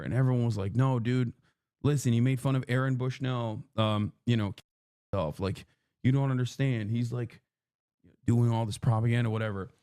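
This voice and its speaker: Heard as a clip inside a reaction stream, a male political livestreamer goes on a heated, profane rant, mocking critics again and again with sarcastic impressions. His medium-pitched voice is steady, moderately paced, darkish and clean, recorded dry in studio quality.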